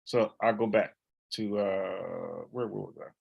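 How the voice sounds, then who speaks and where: A man, debating and explaining a Bible word in casual, animated talk, often restarting his phrases. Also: fairly low pitch, slow, gravelly, husky, muffled recording. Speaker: online Bible teacher.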